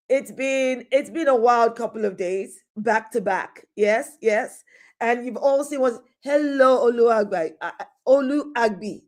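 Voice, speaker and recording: A woman's voice: sits high, darkish tone. A middle-aged woman hosting a live stream, chatting casually and greeting viewers by name with frequent laughs. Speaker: host of a live talk stream.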